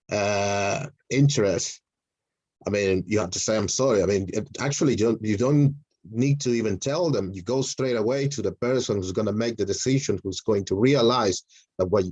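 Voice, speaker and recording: A man's voice: fairly low pitch, darkish tone, slightly rough, dry recording, dull audio. Hesitant man with a Spanish accent. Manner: hesitant, many fillers and restarts. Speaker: mentoring session participant. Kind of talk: casual group video call. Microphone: video call.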